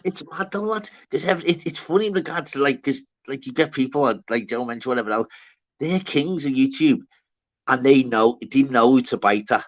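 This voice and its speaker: Man, livestream host, mid-pitched voice, loose sweary chat. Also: lively intonation, brisk, muffled recording. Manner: swearing, rambling banter. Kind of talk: casual chat.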